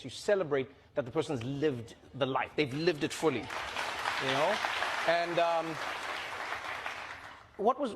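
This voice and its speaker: A man with a husky, slightly breathy voice that sits a little high. He talks in a casual, conversational way, scattering "you know" through his points. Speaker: guest. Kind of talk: casual commentary.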